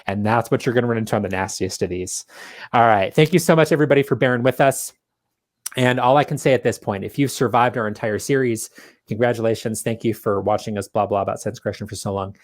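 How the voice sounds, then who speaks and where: Lowish-voiced man tutoring grammar, dry sound. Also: no room sound. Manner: conversational, rhetorical questions, emphatic repetition. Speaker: test prep tutor. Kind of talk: explaining grammar questions to viewers.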